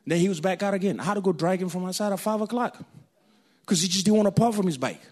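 A man from Kenya, preaching a sermon through animated, jokey personal stories. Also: high voice, fast talker. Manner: animated, jokey storytelling, laughs often.

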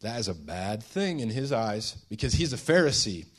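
A man preaching a sermon, retelling a scene with hushed and emphatic turns and many restarts. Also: on the low side, big pitch swings. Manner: storytelling, dramatizing a scene with voiced quotes; pauses and restarts, shifts between hushed and emphatic.

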